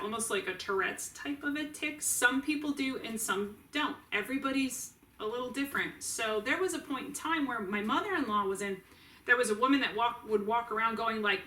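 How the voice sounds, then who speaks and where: A middle-aged woman with a fairly high, bright voice talks in a chatty, earnest way, often restarting and adding asides. She sounds set back from the mic in a roomy, echoey space. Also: normal speed, distant mic. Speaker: family caregiver vlogger. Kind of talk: casual storytelling to camera.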